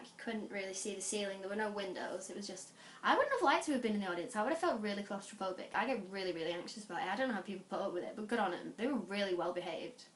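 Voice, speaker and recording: A young woman from the North West of England with a Lancashire accent, talking to camera in an animated, chatty way, full of quick asides and restarts. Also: mid-range voice, reverberant, slight background noise. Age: young adult. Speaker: vlogger. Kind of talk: casual chat.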